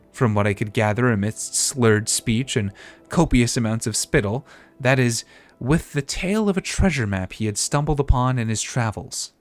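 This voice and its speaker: A man's voice: medium pitch, natural voice. A man voicing a flowery, theatrical woman quest giver, reading game dialogue aloud with grandiose, rambling delivery.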